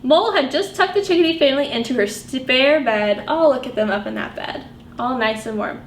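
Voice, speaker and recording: High, lively woman reading to kids. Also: quick pace. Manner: animated, sing-song, asks children questions. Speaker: children's librarian. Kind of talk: storytime read-aloud for children. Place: library room. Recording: echoey room with faint background noise.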